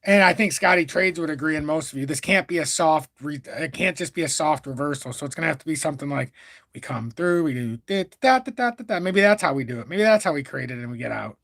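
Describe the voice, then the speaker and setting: A man's voice: a little high, fast talker, creaky, a bit bright, dry recording. Profane, rambling man on livestream. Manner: rambling, profane, self-correcting. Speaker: crypto livestream host. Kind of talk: casual livestream chart commentary.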